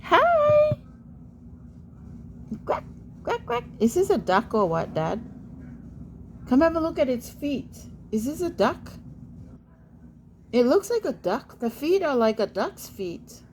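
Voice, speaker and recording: High, excitable woman cooing softly. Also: unhurried, pauses often, a little hiss or hum. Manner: coos sweetly at a bird in a high voice; calls out pleadingly for her dad. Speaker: vlogger. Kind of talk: excited casual chat.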